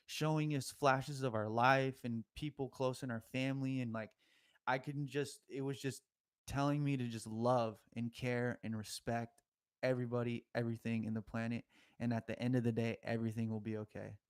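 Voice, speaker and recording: A young man meanders through a long podcast story, slangy and full of loose asides, laughing easily mid-story. He speaks at an ordinary middle pitch.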